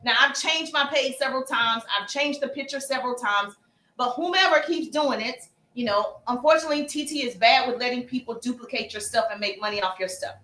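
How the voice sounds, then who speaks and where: A woman's voice: fairly high pitch, brisk, bright, forceful tone, roomy sound. A woman hosting a casual sales-coaching live stream, chatty, calling her viewers baby and acting out sample messages. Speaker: livestream host and sales coach.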